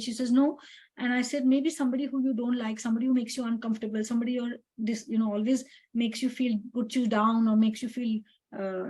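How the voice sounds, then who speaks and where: A woman's voice: on the high side, mellow, poor audio. A middle-aged woman dermatologist telling stories about her patients in a chatty way, with many fillers and quoted dialogue. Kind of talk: casual storytelling about patients.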